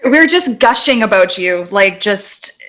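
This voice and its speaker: A woman's voice: mid-range voice, lively intonation, a little slow, fairly bright tone. A woman co-hosting a podcast, chatting casually with plenty of "like" and "um". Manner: chatty, lots of "like" and "um". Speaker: podcast co-host.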